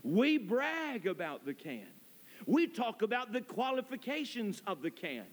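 A man's voice: sits high, big pitch swings, a little slow. A man preaching a sermon as pastor, building emphasis through repetition. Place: church sanctuary. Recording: long reverb of a church hall.

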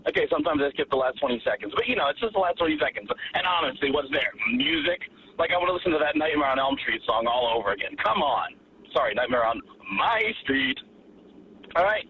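A man's voice: on the high side, animated, fast. A man leaving a rambling, goofy voicemail by phone while driving in traffic. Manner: goofy, exaggerated, mock-indignant. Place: in a car in traffic. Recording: dull phone call with light noise.

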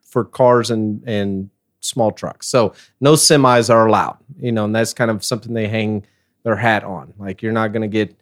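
A middle-aged man co-hosting a podcast, telling a story in a casual, animated way with frequent laughter. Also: fairly low pitch, normal speed. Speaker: podcast co-host.

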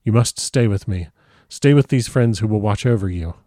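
A man's voice: moderate pace, mellow, dry recording, clean studio sound, natural voice. A man doing a desperate young wife. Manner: pleading, high-strung.

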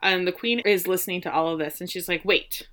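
A woman with a bright, forward voice co-hosting a casual recap chat. She tells the story in a lively way and puts on playful voices for the characters' lines. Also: fairly low pitch, fast. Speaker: podcast co-host.

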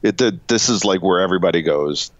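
A middle-aged man co-hosting a casual comedy podcast, rambling and halting with lots of fillers and chuckles. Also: sits low, no room sound. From Illinois. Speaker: podcast co-host. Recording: dull, dry lo-fi podcast audio.

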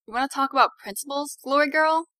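A woman's voice: on the high side, moderate pace, pushed and bright, dry recording, low-quality recording. A woman voicing a sarcastic, principled young healer woman who lectures her sister.

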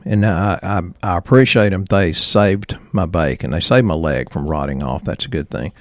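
A chiropractor, a man, telling a personal story in a halting way, with frequent ums and throat clearing. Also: low voice, dry recording, clean studio sound.

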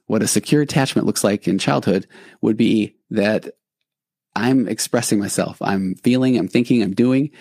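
Male podcast host, reassuring and reflective, dry close sound, a touch of vocal fry. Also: fairly low pitch, darkish tone, no echo. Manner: conversational, with frequent restarts. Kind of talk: casual podcast monologue.

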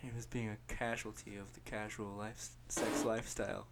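A man's voice: fairly low pitch, level tone, normal speed, vocal fry, very noisy. A man guesting on a casual podcast, telling rambling, self-deprecating stories with a jokey manner. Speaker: musician guest.

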